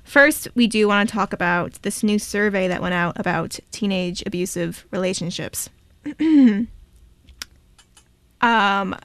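A woman's voice: medium pitch, unhurried, pauses often, fairly bright tone, clean tone, dry recording. A young woman hosting a college radio talk show, bubbly and jokey with her guest. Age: young adult. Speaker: radio host.

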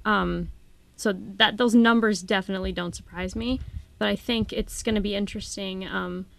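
A woman's voice: mid-range voice, fairly even intonation, normal speed, vocal fry. A young woman from Minnesota, a guest on a student radio show, chatting casually and laughing easily. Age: young adult.

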